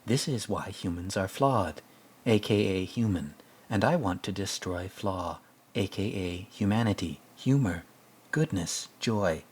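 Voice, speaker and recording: Hal, a man doing a hushed sinister computer. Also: animated, a little slow, breathy edge, full character voice. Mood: menacing. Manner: low, hushed, rambling menace. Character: sinister ranting male AI computer.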